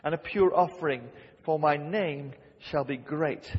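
A man's voice: fairly high pitch, unhurried, husky. A man preaching a sermon with fervor, repeating key phrases and quoting scripture aloud. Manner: impassioned, repeats phrases for emphasis. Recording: lo-fi hall reverb.

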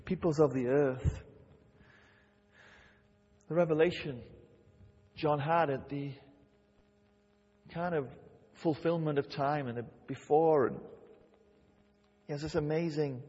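A man's voice: fairly high pitch, slow pace, long pauses, darkish tone, husky. A man preaching a sermon with fervor, repeating key phrases and quoting scripture aloud. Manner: impassioned, repeats phrases for emphasis. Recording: lo-fi hall reverb.

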